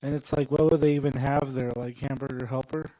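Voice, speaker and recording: A young man doing a stand-up set at a comedy club, rambling and working the crowd with deadpan asides. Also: medium pitch, fairly quick, no echo, low-quality recording.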